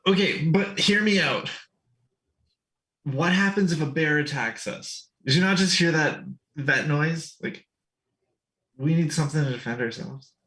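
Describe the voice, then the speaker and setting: A man playing a tabletop game, joking and quick with the group. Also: on the high side, a bit bright, reverberant, low-quality recording. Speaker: player. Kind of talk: casual tabletop play.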